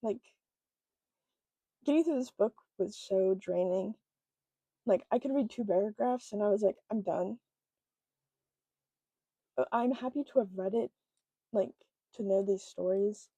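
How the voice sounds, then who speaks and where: Mellow-voiced woman, emotional book vlog. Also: mid-range voice, no echo, low-quality recording. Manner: emotional, halting, many fillers. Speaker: book vlogger. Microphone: own microphone close up.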